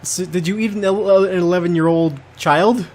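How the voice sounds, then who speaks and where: A man with a slightly high voice co-hosts a casual comedy podcast. He reacts with mock disbelief and plays along with the bit. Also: steady tone, moderate pace, a little mellow. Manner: incredulous, playing along, laughing. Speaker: podcast co-host.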